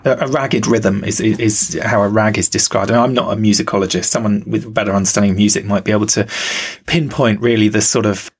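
Gravelly man musing over a TV episode. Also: on the low side, steady tone, fast talker. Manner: musing, self-questioning, many restarts. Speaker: podcast co-host. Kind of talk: casual critical discussion.

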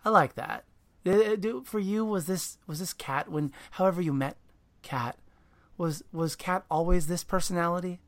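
An interview host talking about a picture book, praising it and often restarting sentences mid-thought. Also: mid-range voice. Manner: warm praise, halting restarts.

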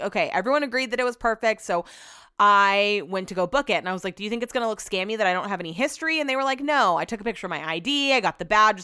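A woman's voice: medium pitch, pushed and bright, clean tone, no echo, studio quality. A woman host chatting casually about her week, a chatty storyteller who swears freely and acts out what she said. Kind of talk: casual chat.

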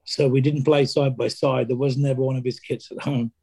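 A middle-aged man, telling stories as an interview guest, halting, restarting, and acting out quoted lines. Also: mid-range voice, level tone, gravelly, dark tone, breathy edge. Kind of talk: conversational storytelling.

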